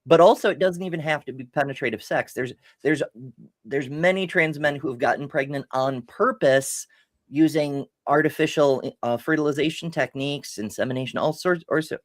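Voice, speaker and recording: A woman's voice: deep voice, normal speed, no room sound. A woman co-hosting a podcast, reading out viewer comments and answering them in a frank, casual way. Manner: reads out chat messages, then comments with frank, blunt remarks. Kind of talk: casual chat.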